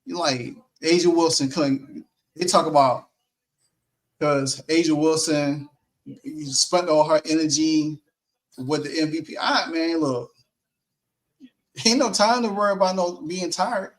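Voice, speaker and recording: A man co-hosting a casual post-game sports talk stream, animated, laughing easily and acting out what others said. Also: fairly high pitch, a little slow, long pauses.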